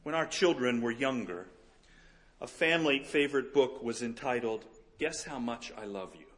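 A middle-aged man preaching a sermon as pastor, swinging between emphatic peaks and soft, slow, quiet passages. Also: medium pitch, animated.

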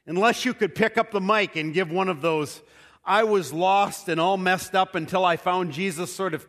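A male pastor preaching a sermon, telling stories and asking rhetorical questions. His voice sits fairly high and his pace is slow and deliberate. Long reverb from the church hall follows his words. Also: a bit bright.

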